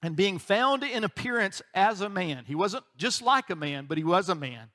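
A male pastor preaching a conversational sermon, joking and acting out quick voices, often checking in with "right?". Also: high voice, expressive, fairly bright tone.

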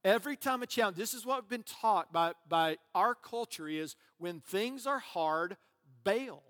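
A man's voice: high-pitched, lively intonation, a little slow, sharp tone. A man preaching a sermon as pastor, conversational and joking, with asides to the congregation. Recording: long reverb of a large hall.

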